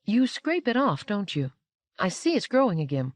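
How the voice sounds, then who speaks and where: A woman reading the part of an older aristocratic woman, curious and a bit haughty, with a lively, inquisitive delivery. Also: mid-range voice, normal speed, dry recording, voice pushed up, lightly acted.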